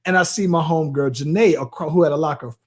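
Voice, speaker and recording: A man in his late thirties, co-hosting a podcast and telling a story in an animated, slangy way, often tossing in "bro" and "right?". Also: on the high side, fast. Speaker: podcast co-host. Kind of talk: casual storytelling chat.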